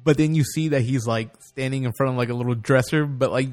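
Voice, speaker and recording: A man's voice: medium pitch, fast, a little mellow, faint music behind. A man in casual chat, telling stories and voicing the people in them. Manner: laid-back storyteller, acts out characters' lines.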